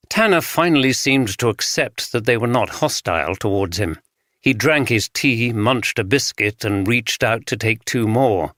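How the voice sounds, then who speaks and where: A male audiobook narrator reading a mystery at a steady, measured pace. His voice is bright and forward, and it is recorded on a close mic with a dry, dead sound. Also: mid-range voice, dry recording.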